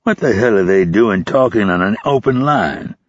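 A male narrator plays a gruff senior intelligence officer, impatient and profane. His voice is low and husky. It is recorded dull and dry. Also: expressive, moderate pace, no room sound. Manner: blunt, impatient, swears often.

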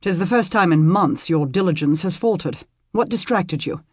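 A gruff, commanding medieval lord, voiced by a male narrator, his husky voice turning forceful and loud when he scolds. It sounds like a storybook reading recorded close and dry. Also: sits high, animated, normal speed, no room sound. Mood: scolding.

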